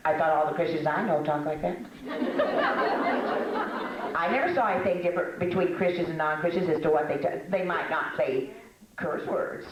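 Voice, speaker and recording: An older woman with a fairly low voice talks to a room of women in a folksy, self-mocking way. She laughs often and stumbles through fillers. The room gives her voice a clear echo. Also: expressive, normal speed, long pauses, a crowd in the background. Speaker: speaker at a women's meeting. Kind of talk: conversational talk to a women's audience. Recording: echoey room.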